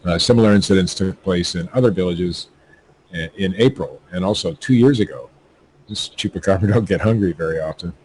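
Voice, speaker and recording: A man's voice: deep voice, fairly quick, darkish tone, slight background noise, rough recording. A man hosting a podcast, reading news stories aloud with stumbling, joking asides. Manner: stumbling, laughing at his own jokes. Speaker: podcast host.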